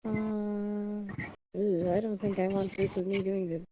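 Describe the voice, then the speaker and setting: This female livestreamer has a medium-pitched voice with little pitch movement, and she talks slowly over background noise. Chatty and casual, she mutters to herself as she gets set up, breaking into hums and sung nonsense syllables.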